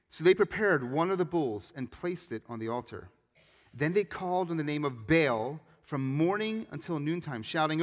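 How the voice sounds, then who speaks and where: A man preaching a sermon as a pastor, moving between loud emphatic scripture reading and quiet earnest appeals. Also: a little high. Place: church sanctuary. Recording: long reverb of a church hall.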